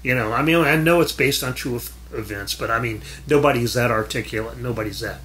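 Man, film critic host, rambling casual commentary, bright tense voice, mid pitch. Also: a little fast, a little hiss or hum. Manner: rambling, self-correcting, chuckling asides.

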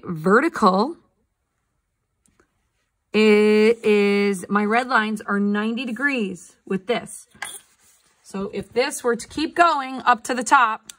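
A woman art teacher, with a medium-pitched and fairly bright voice, gives a live online drawing lesson over a video call through her computer mic. She is chatty and upbeat, coaxing her students to respond.

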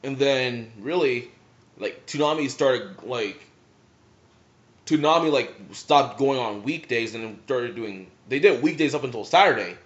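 With an expressive mid-range voice and a measured pace, a young man vlogs about watching anime with his father in loose, wandering stories. He leans heavily on "like," and the audio is a bit muffled.

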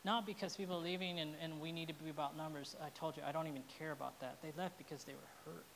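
A woman's voice: deep voice, steady tone, quick pace, gravelly, a little hiss or hum. A woman pastor preaching a sermon in an earnest, heartfelt way, at times openly emotional.

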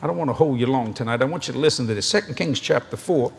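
A middle-aged man preaching a sermon at a convention, an animated, joking storyteller. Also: medium pitch, very fast, creaky, breathy edge.

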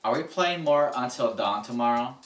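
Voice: medium pitch, animated, moderate pace, recorded from a distance. An off-camera helper reading viewer chat comments aloud in a plain, matter-of-fact way. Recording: roomy, off-mic from across the room.

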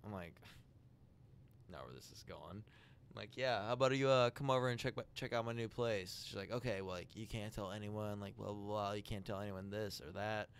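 A man's voice: lowish voice, flat delivery, fairly quick, a little hiss or hum. Young man telling a crude story. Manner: crude storytelling, acts out quoted lines. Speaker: podcast guest. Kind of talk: casual chat.

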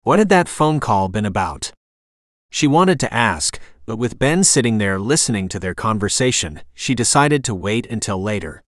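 A man reading a romantic suspense novel aloud as an audiobook narrator, in a steady, even storytelling manner. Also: fairly low pitch, normal speed, no echo, clean studio sound. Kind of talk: scripted narration.

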